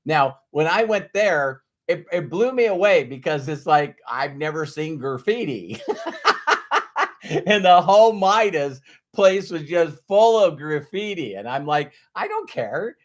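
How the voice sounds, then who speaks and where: A man's voice: a little high, animated, a little slow. A man telling his own career story in a casual, rambling way. He laughs often and repeats himself.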